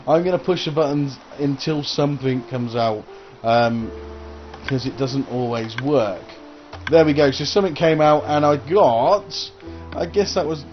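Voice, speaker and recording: A man giving casual gameplay commentary as a gaming channel host, rambling and hesitant with lots of uh and um. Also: on the high side. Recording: dull lo-fi recording.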